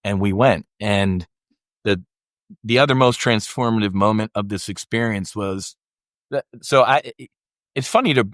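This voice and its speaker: A man's voice: lowish voice, unhurried, fairly bright tone, dry recording, clean studio sound. A middle-aged man, a military veteran guest on a podcast, telling a candid personal story in a rambling way, restarting often and acting out the voices of people he quotes.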